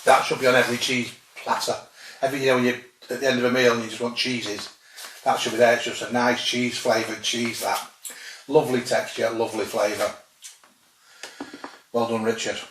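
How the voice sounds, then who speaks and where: A man talks through a cheese tasting at home in a relaxed, chatty way, with dry, musing humour. His voice sits at an ordinary pitch for a man and sounds a little far from the mic. The room gives it a noticeable echo, and there is a faint hiss underneath. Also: fairly quick, pauses often. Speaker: food vlogger tasting cheeses. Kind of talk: casual tasting commentary. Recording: roomy sound, distant from mic, faint noise.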